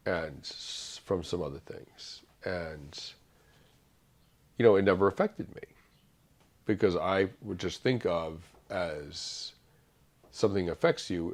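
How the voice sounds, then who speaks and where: A middle-aged man speaking as an interview guest, thoughtful and halting, with many fillers and restarts. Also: deep voice, gravelly. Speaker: author guest. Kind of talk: reflective interview conversation.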